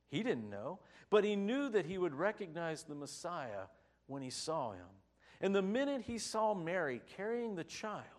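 A man preaching a sermon, telling the story with expressive delivery and rhetorical questions. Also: on the high side.

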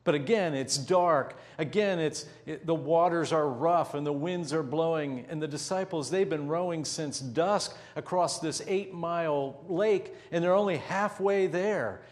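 Male pastor with a slightly high voice, preaching a sermon as a vivid storyteller who leans on slow, drawn-out emphasis. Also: big-room sound.

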